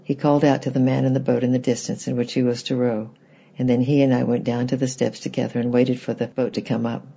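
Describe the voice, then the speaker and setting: A man reading a children's book aloud in gentle, plain storybook narration, with a husky, gravelly voice. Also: medium pitch, level tone, fast talker, muffled recording.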